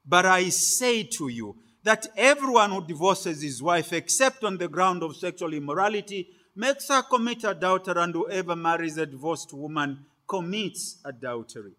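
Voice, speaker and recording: Emphatic high-voiced male preacher. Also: animated. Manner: emphatic, with sudden loud stresses on key words; deliberate, phrase by phrase delivery. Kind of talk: sermon.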